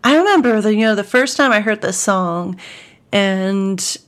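A woman's voice: medium pitch, lively intonation, moderate pace, a bit bright, faint music behind. A woman on a podcast, chatting casually and reflecting on her memories of a song, with some hesitations. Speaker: podcast co-host or guest.

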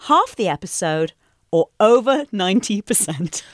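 Playful woman quiz host, very lively pitch, dry close sound. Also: moderate pace, no room sound. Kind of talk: casual podcast quiz chat.

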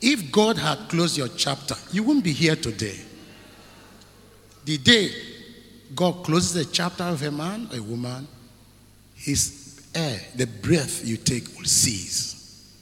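A man preaches with a lively, swooping delivery, leaning hard on rhetorical questions and repeated phrases. His voice is bright and fairly high for a man, and every word rings out in a hall with a long echo. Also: creaky. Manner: emphatic preaching with rhetorical questions and drawn-out repetition. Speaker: pastor. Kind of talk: sermon. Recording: echoey hall with long reverb.

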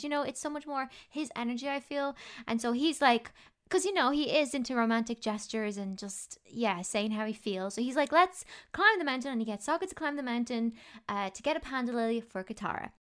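Animated woman retelling a story. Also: high voice. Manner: animated storyteller who acts out characters' lines. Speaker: podcast guest. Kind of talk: casual chat, retelling an episode.

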